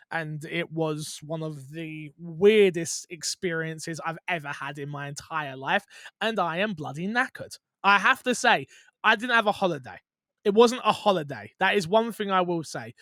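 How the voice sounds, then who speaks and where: A young British man hosting a casual gaming podcast, high-pitched and bright-toned. He is worn out yet excitable, jumping from loud bursts to quiet mumbles. The sound is dry and close. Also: no echo. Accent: British English. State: very tired. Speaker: podcast host.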